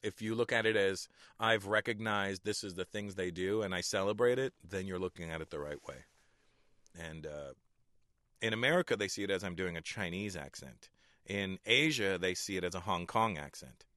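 Middle-aged male comic guest, lowish bright voice, dry close sound, easygoing anecdotes with chuckles. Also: normal speed, dry recording. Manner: chuckles often, relaxed storytelling. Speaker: stand-up comedian, guest. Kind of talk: casual interview talk.

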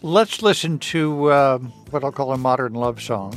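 A man's voice: medium pitch, normal speed, music in the background. A man hosting a radio interview, asking questions in a playful and engaging way. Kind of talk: broadcast interview.

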